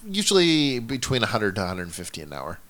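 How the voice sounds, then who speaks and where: A man hosting a casual chat, speaking haltingly with many hesitant starts. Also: lowish voice, wildly swooping pitch, a bit bright. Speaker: host.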